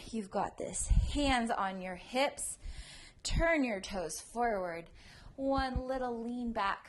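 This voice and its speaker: A woman teaching a prenatal yoga class, cueing breaths, counting down pulses and encouraging her students. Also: a little high. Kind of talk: guided yoga class instruction.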